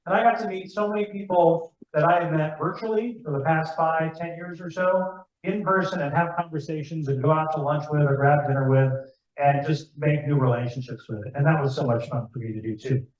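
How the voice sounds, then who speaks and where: Guy rambling to a club crowd, voice a bit high, sounds far off in a big echoey room. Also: fairly even intonation, brisk, muffled recording. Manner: chatty, rambling, asks the room questions. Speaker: club demonstrator giving a talk. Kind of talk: casual club talk to an audience.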